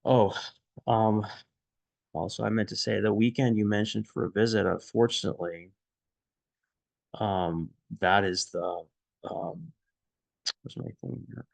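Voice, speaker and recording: Deep gravelly man, rambling story. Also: steady tone, no echo, low-quality recording. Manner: rambling and halting, with many restarts; shaken, searching for words. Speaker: man recording a personal message to a friend. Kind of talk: casual personal storytelling.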